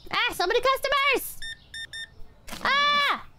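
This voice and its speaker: Woman streamer, high animated voice, unhurried, foul-mouthed and self-mocking, faint hiss behind. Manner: chaotic, swearing, self-mocking, talking to chat while playing. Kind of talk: casual gaming stream chat.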